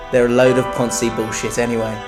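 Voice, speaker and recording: A man's voice: medium pitch, flat delivery, normal speed, over music. A man co-hosting a casual football podcast, reading listener stories aloud and joking. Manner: reads listener stories aloud, jokey and swearing. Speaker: podcast co-host.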